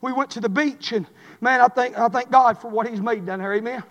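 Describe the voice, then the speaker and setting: A man, preaching a sermon in an impassioned, shouting cadence in a church. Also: very high voice, a little fast, highs cut off. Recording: long reverb of a large hall.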